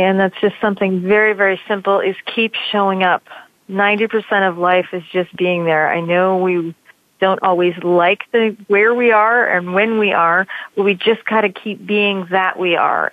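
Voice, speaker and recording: A woman's voice: mid-range voice, fairly even intonation, normal speed, dry recording. A woman author, a guest in a podcast interview, speaking in an upbeat, plain, encouraging way. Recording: dry tinny phone line.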